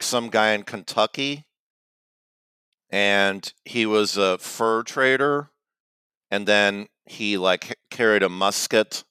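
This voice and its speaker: Slow, low, deadpan male podcast host. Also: clear, resonant tone, no echo, clean studio sound. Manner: deadpan, halting with many "okay"s. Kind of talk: casual comedic podcast banter.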